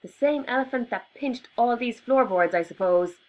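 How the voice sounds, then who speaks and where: A woman reading aloud, voicing a furious girl who shouts shrilly at her brother. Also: on the high side, normal speed, lo-fi sound, voice pushed up, natural voice. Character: furious big sister, shrieking.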